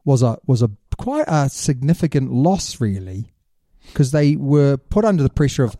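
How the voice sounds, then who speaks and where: A man's voice: mid-range voice, very animated, normal speed, dark tone, no echo, studio quality. A man co-hosting a casual sports chat, full of teasing jokes and banter. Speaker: podcast co-host.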